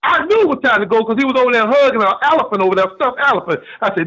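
Older man caller, folksy, humorous storyteller, high voice, muffled line. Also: animated, very fast, pushed and bright. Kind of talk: call-in storytelling. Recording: muffled phone call.

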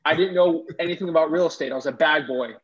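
A young man telling his story casually and animatedly, acting out the people in it with big jumps in his voice. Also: fast talker. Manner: animated, acts out quotes with big pitch jumps. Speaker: guest entrepreneur. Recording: dull lo-fi audio.

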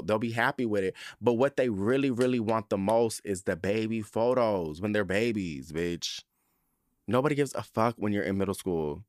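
A man hosting a podcast, telling a story in a campy, profane, animated way. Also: on the low side, no echo, clean studio sound. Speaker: podcast host. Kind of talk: casual chat.

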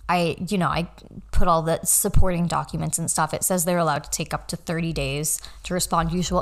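A young woman hosting a podcast, chatting casually on her own in a rambling, easily sidetracked way with lots of fillers. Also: fairly low pitch. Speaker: podcast host. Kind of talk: casual solo chat.

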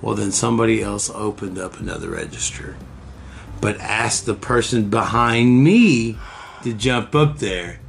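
A man's voice: lowish voice, a little slow, creaky, slight background noise. A man in casual chat, telling crude stories with lots of swearing and laughter. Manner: profane, laughing storyteller.

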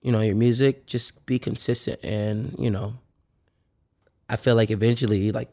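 A man's voice: medium pitch, steady tone, moderate pace, creaky, warm tone. Laid-back man musician chatting. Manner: laid-back, filler-heavy, laughs often. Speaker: musician guest. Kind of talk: casual interview chat.

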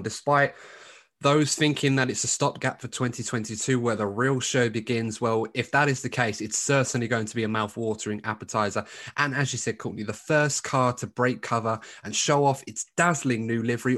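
A man's voice: mid-range voice, a bit bright. A man co-hosting a podcast, chatting casually with many asides and restarts. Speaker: podcast co-host.

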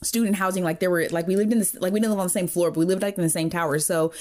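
A woman's voice: lowish voice, steady tone, very fast, a little mellow. Playful teasing woman co-host. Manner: playful, teasing, affirming interjections. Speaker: podcast co-host. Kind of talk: casual chat.

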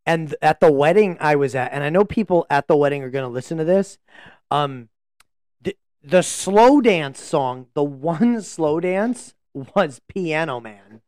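Lively teasing man, close mic. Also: on the high side, unhurried, no room sound. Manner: teasing, animated, laughs often. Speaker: podcast co-host. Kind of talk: casual podcast banter. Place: home laundry room. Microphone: close table mic, leaning in.

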